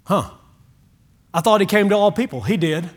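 A man preaching a sermon as pastor, folksy and animated, swinging from loud to hushed. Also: sits high, normal speed, husky.

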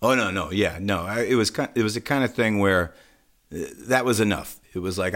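Low-voiced man telling a rambling story. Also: a little fast. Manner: animated, rambling, self-deprecating. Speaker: podcast co-host. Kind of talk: casual storytelling.

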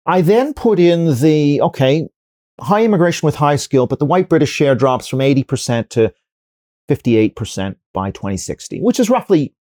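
A man speaks in a mellow, unhurried timbre, recorded dry and close with no room sound. He is a professor giving a long interview answer, reasoning aloud through examples and hypotheticals. He often stops and restarts a sentence while shaping the next point. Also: mid-range voice, sing-song, no room sound. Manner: explanatory, builds arguments with examples and hypotheticals; frequent restarts and fillers while thinking.

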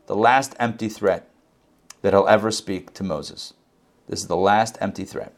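A man's voice: on the low side, normal speed. A man giving an informal scripture lesson as a Bible teacher, talking conversationally and dropping jokey asides.

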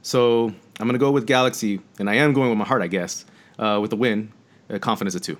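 A man's voice: on the low side, fast talker. A man co-hosting a sports podcast, earnest and hedging his pick with fillers. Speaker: podcast co-host. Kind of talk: casual podcast chat.

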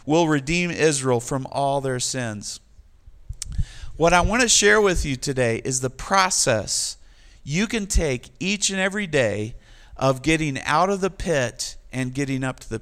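A male pastor delivers a lively sermon in a voice sitting a touch higher than most men's. He reads scripture with swelling emphasis and speaks directly to his listeners, slipping in light jokes between points. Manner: lively preaching, reading scripture with rising emphasis, joking asides.

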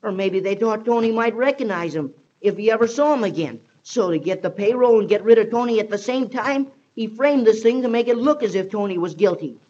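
A woman's voice: a little high, animated, fairly quick, mellow. A performer in a 1930s radio drama playing Joe, an eager, earnest boy who talks in a folksy way with frequent "shucks". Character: eager earnest boy, Annie's loyal pal. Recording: dull lo-fi 1930s radio recording.

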